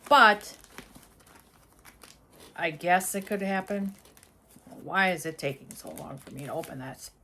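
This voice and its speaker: A woman vlogging casually, gushing excitedly as she unboxes and reads a book aloud, stumbling now and then over words. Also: on the low side, measured pace, pauses often, slight background noise. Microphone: seated at desk, squeaky chair.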